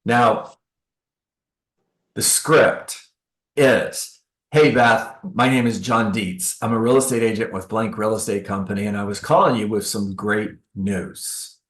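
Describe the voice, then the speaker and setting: A man's voice: fairly low pitch, a little slow, reverberant. A man coaching a live audience in a seminar, acting out sales calls with sarcastic asides. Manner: animated, acts out sales calls. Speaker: real estate coach. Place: training room with an audience.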